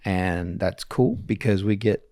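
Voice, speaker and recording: A man's voice: low-pitched, a little slow, mellow, no room sound. Chuckling middle-aged man telling stories. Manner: rambling, chuckling storyteller with frequent restarts. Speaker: podcast co-host. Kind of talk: casual chat.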